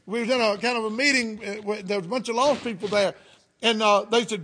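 Male preacher, Southern US accent, middle-aged, high voice, folksy sermon storyteller. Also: fairly even intonation, fast, bright, forceful tone, a little hiss or hum. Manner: folksy storytelling with fervent interjections.

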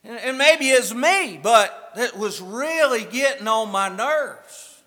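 A man preaching a sermon as a pastor, telling a story and swinging between soft asides and emphatic points. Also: very high voice, animated, slow pace. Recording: echoey hall from far off.

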